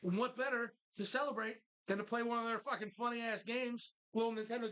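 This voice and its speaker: A man's voice: very high-pitched, steady tone, brisk, pushed and bright, poor audio. A man hosting a live show from a bar, joking loosely and swearing through sponsor plugs. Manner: profane, jokey, reads sponsor plugs with mock voices. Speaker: host. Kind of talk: casual bar-show banter.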